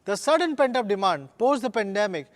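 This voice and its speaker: A middle-aged man, delivering a rousing scripted keynote at a product launch with measured, slogan-filled emphasis. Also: sits high, big pitch swings. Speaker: company executive giving a product launch keynote.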